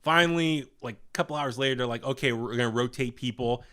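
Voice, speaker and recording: Speaking quickly in a medium-pitched, slightly bright voice, a young man on a podcast spins a long, loose tale. He keeps restarting and filling gaps, and he imitates the people he quotes.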